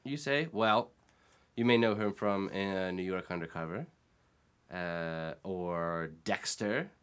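A man hosting a casual podcast chat, telling animated, profane stories with loud outbursts and laughter. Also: sits low, takes it slowly, smooth. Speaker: podcast host.

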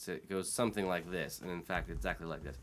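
A man hosting a casual podcast chat, telling animated, profane stories with loud outbursts and laughter. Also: low voice, fast. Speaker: podcast host.

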